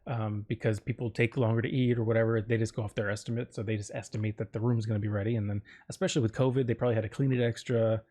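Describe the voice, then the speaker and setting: A man's voice: fairly low pitch, little pitch movement, racing, hardly any pauses, warm tone. Man, podcast host, casual storytelling, rambling, self-interrupting, joking. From Florida, United States. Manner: rambling and self-interrupting, with frequent fillers and jokes.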